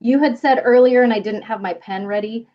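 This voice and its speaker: A woman's voice: on the high side, brisk. A woman asking questions in casual chat over a video call. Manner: chatty, asks questions. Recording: slightly dull sound.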